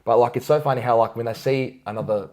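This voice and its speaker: A young man co-hosting a podcast, telling stories in an animated casual way full of slang. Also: medium pitch. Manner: animated, fast storyteller using "like" and "bro". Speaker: podcast co-host. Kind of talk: casual storytelling chat.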